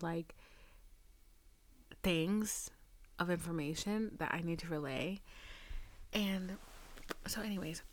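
A woman's voice: lowish voice, dry recording. A young woman hosting a podcast, telling a dating story in a chatty, profane way, sometimes dropping to a near whisper. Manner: chatty, profane, addresses listener as girl; drops to a near whisper for asides. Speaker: podcast host. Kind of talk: casual storytelling.

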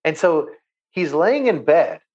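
A man's voice: fairly high pitch, takes it slowly, lo-fi sound. A man, a guest who runs a water company, telling a long anecdote in casual chat and acting out the voices he quotes. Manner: animated storyteller who acts out quoted voices.

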